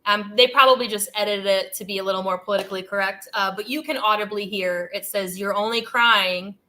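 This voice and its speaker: Here the channel host talks quickly in a medium-pitched, pushed, bright voice with fairly even intonation. Her casual commentary is loose and rambling, full of "like" and "dude," with laughter slipped between thoughts.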